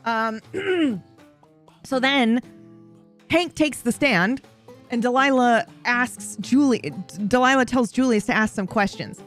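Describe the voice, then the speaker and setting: A woman's voice: fairly high pitch, measured pace, faint music behind. A woman casually recapping a roleplay story, rambling, swearing and correcting herself as she goes. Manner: rambling, profane, self-correcting.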